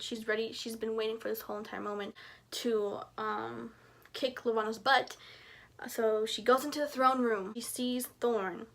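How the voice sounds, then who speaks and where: Brief: young woman, high voice, excitable book-review vlogger, dramatizes her reactions. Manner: chatty, excitable, acts out quoted reactions with big pitch jumps. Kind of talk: casual book review vlog.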